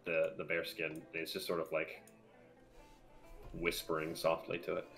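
A man's voice: low voice, completely flat delivery, normal speed, creaky, fairly bright tone, soft background music. A man casually describing his character's actions in a tabletop game.

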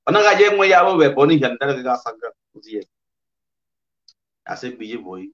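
A man with a Nigerian Pidgin accent giving animated, casual blog commentary, switching languages and laughing often. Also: medium pitch, moderate pace, long pauses. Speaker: blogger. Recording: dull lo-fi audio.

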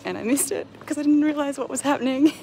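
A woman's voice: high voice, moderate pace, warm tone, slight background noise. A young woman vlogging casually to a handheld camera, chatty and rambling, with lots of ums and likes and frequent laughs. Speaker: long-distance walker and vlogger. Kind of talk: casual vlog chat to camera.

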